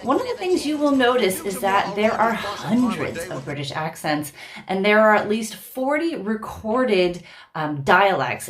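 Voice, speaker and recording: A woman's voice: mid-range voice, fairly bright tone. A woman hosting a casual vlog, talking to camera in a chatty, wry, explanatory way. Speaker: founder and director of an education consultancy, vlog host.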